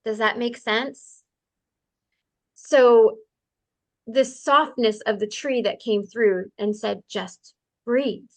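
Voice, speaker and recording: A woman's voice: on the high side, fairly even intonation, dry recording. A woman telling personal stories as a podcast guest in an earnest, conversational way, speeding up in bursts. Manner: earnest, quick bursts of speech with laughs. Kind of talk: conversational storytelling.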